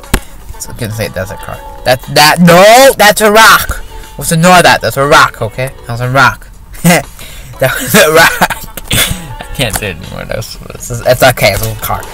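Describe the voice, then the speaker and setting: Rambling man narrating a car game. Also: mid-range voice. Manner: rambling, self-interrupting, giggly. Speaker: gaming channel host. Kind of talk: casual let's-play commentary. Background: game music.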